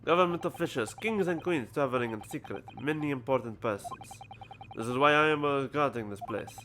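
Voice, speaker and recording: A man voicing a gruff, self-important male sailor with a mock Russian accent and blunt broken English. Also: normal speed, a bit bright, close to an everyday voice. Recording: low background noise.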